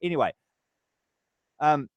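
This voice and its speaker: Angry man ranting, lively pitch. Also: slow, dry recording, dull audio. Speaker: vlogger. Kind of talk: political rant to camera.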